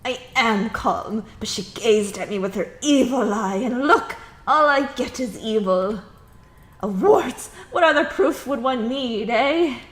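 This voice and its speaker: A woman voicing an indignant, gossipy older townswoman with loud, exaggerated outrage. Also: lowish voice, expressive, moderate pace. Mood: outraged. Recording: echoey room with music.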